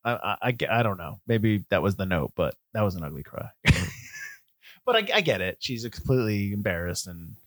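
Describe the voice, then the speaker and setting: A man co-hosting a casual film chat, animated, slipping into put-on voices for quotes and laughing often. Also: on the low side, a little fast, no echo, clean studio sound. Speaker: podcast co-host. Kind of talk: casual chat about films.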